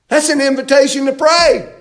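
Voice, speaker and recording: A man's voice: extremely high pitch, steady tone, moderate pace, a bit bright. A man preaching a sermon in a church, emphatic and full of rhetorical questions and repeated phrases. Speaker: pastor.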